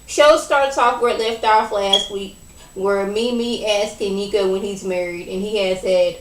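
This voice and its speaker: Woman vlogger, mid-pitch, animated reality-show recap, roomy echo, mic a bit distant. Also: unhurried, a little hiss or hum. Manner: animated, chatty, acts out quotes.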